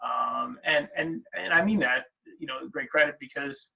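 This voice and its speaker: A man's voice: mid-range voice, moderate pace, vocal fry, sharp tone, breathy edge, poor audio. A middle-aged man, a wrestler's father, telling stories in a casual interview, with many fillers and restarts.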